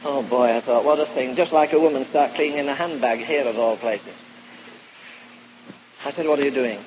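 A male preacher telling an animated, folksy story in a sermon, heard on a dull old recording. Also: mid-range voice, moderate pace, a little hiss or hum. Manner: animated, folksy anecdotal delivery.

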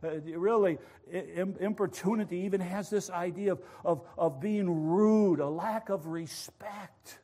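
A man preaching a sermon, telling a story with animated passion. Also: sits high, measured pace, hardly any pauses. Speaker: pastor.

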